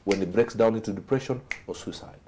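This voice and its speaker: Man, low husky voice, dramatic storyteller, guest on an interview show. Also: quick pace. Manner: dramatic storyteller, voice swings from loud to hushed. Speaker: guest speaker. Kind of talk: motivational storytelling.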